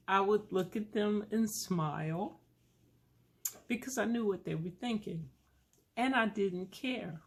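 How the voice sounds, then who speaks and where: A woman calmly telling a personal parenting story in a relaxed, unhurried way. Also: medium pitch. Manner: slow, calm, gravelly storytelling.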